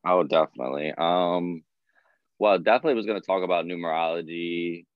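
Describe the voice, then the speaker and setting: A man talking casually on a podcast, animated and laughing as he acts out what people said. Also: deep voice, brisk, dry recording, lo-fi sound. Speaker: podcast guest.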